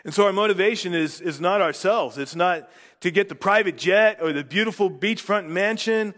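Earnest male pastor preaching in a reverberant hall. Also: moderate pace. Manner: earnest, rising in pitch and force on key words, dropping soft at phrase ends. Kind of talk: sermon.

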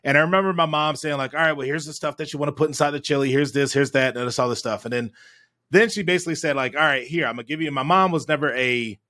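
A man telling a childhood story in a podcast chat, animated and often tagging his sentences with "right?". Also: a little high, quick pace. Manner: animated storyteller, frequent "right?" tag questions. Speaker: guest.

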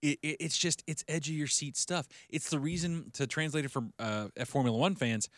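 A man's voice: on the high side, normal speed, fairly bright tone, dry recording. A man co-hosting a casual podcast chat, speaking with enthusiasm and emphasis. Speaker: podcast co-host.

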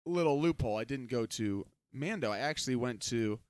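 A man's voice: medium pitch, animated, fairly quick, dry recording. A man co-hosting a podcast in casual chat, telling stories with animation and mimicking a toddler. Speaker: podcast co-host.

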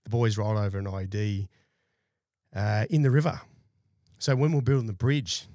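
Australian male guest, thirties, lower voice, blunt, swears a lot, dry close studio sound. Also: a little fast, mellow, dry recording. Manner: blunt and heavily profane, laid-back anecdotes. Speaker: podcast guest, army veteran. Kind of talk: casual storytelling interview. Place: small studio.

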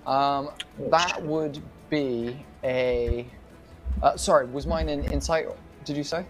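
A man's voice: a little high, fairly even intonation, slow, soft background music. A man playing a tabletop game who chats casually and apologizes readily. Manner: apologetic, self-deprecating. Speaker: player.

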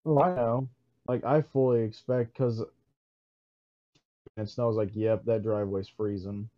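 A man's voice: lowish voice, fairly even intonation, a little slow, no room sound. A man in a casual chat, laid-back and swearing offhandedly. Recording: dull lo-fi audio.

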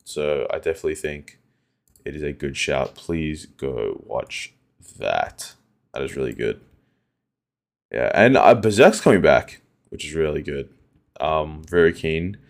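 A young man with a notably deep voice talks on his own podcast. His delivery is casual and rambling, full of fillers and restarts as he thinks aloud. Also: animated, measured pace, gravelly, long pauses. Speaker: podcast host. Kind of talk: casual solo podcast chat.

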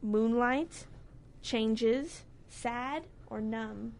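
A woman's voice: a little high, very slow, darkish tone. A young woman hosting a casual trivia chat, giggly and chatty, often tripping over names. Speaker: host.

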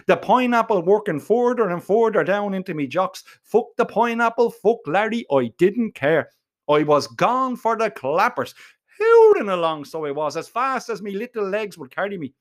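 High-voiced man spinning a yarn. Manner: profane, slangy, animated. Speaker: storyteller. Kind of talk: comic first-person storytelling.

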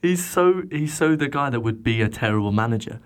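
A man's voice: mid-range voice, expressive, a little fast, clean tone. A young man with an average voice, joking around in a casual football podcast. He mocks the players and laughs through his own bits. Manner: laughing, mocking banter. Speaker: podcast co-host.

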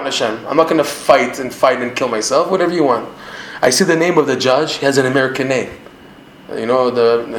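A man with a Canadian accent teaching a Torah class in an animated way, quoting Hebrew lines and then translating them. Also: mid-range voice, echoey room, a little hiss or hum.

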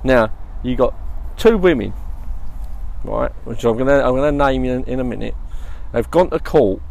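Gravelly, sweary man ranting. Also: mid-range voice, expressive, normal speed, darkish tone. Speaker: podcast co-host. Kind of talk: crude casual comedy chat.

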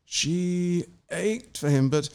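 A man, an author, reading his short story and then telling measured anecdotes in an interview. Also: high-pitched, darkish tone, clean tone. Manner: measured and anecdotal, with small restarts.

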